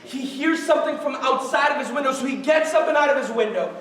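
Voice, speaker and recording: A man's voice: extremely high pitch, fast talker, a bit bright. A man telling stories to children at a mosque family night, playful and theatrical, joking between the lines. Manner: playful, theatrical, mixing jokes into the story. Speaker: storyteller. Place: mosque hall. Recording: echoey hall from far off. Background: children in the audience calling out.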